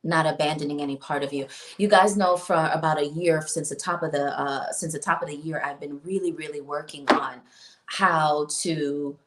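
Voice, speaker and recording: A woman's voice: deep voice, steady tone, moderate pace, slight background noise. A woman hosting a casual self-help livestream, speaking in a meandering way with repeated words. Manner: meandering, repeats words, reads viewer comments. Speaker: spiritual self-help host.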